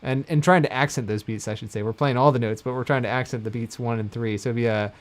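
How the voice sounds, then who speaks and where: A man in his home studio gives a casual mandolin lesson over a livestream. His voice sits at a middle pitch and he talks loosely, with lots of "like" and "um" as he works through ideas. Light mandolin playing drifts in behind him. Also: quick pace, faint music behind. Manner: relaxed, rambling, self-correcting with frequent "like" and "um". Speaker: mandolin teacher. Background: mandolin playing between phrases.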